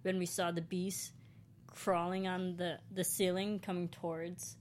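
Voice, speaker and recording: A woman's voice: lowish voice, flat delivery, measured pace, a little hiss or hum. A woman co-hosting a casual movie review chat, talking with enthusiasm and saying "like" often. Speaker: podcast co-host.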